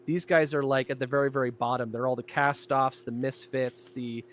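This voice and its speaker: A man in casual podcast chat, describing his own show in an animated way. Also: mid-range voice, normal speed, slight background noise. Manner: animated, jumping into character voices.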